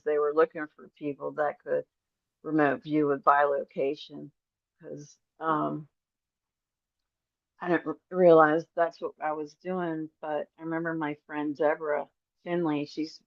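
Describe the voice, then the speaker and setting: Rambling, animated woman telling stories. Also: low voice, vocal fry, no echo. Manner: rambling, animated, acts out quoted voices. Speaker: podcast guest. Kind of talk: casual storytelling interview. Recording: dry, slightly dull audio.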